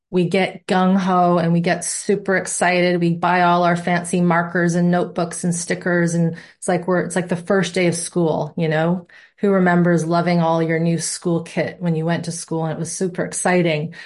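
A woman instructor talking to her students in a live online class, with a playful, reassuring manner. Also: lowish voice. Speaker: course instructor.

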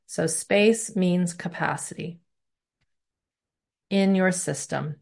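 A woman teaching a body-awareness class, talking in a relaxed, conversational way. Her voice sits slightly low for a woman. She explains her ideas through everyday examples. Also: slow pace, gravelly. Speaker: somatic teacher.

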